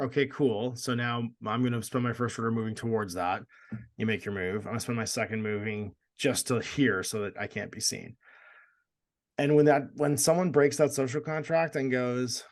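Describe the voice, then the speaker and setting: A man from Canada co-hosting a casual gaming podcast, animated and laughing often as he acts out quoted lines. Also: mid-range voice. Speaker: podcast co-host.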